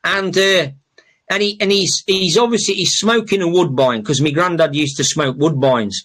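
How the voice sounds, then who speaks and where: A man's voice: on the high side, moderate pace, fairly bright tone. A middle-aged man hosting a podcast, telling casual stories with lots of fillers, restarts and swearing. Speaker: podcast host. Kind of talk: casual storytelling monologue.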